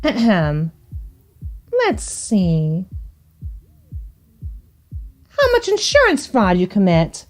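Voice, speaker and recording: A woman's voice: medium pitch, wildly swooping pitch, extremely slow, pauses often, faint music behind. A woman VTuber playing a visual novel and commenting in a theatrical, teasing, prim manner. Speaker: VTuber game streamer.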